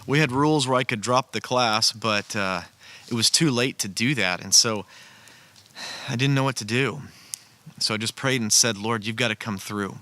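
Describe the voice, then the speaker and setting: Bright-voiced male storyteller, earnest and conversational, recorded outside by a fire. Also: medium pitch, normal speed. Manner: earnest, conversational, with frequent restarts. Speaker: storyteller sharing a personal testimony. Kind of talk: casual spoken storytelling. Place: outdoors beside a campfire.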